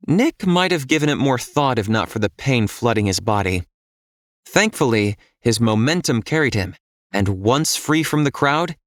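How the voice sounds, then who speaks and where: A man narrating an audiobook in a steady, measured storytelling voice. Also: medium pitch, no room sound, studio quality.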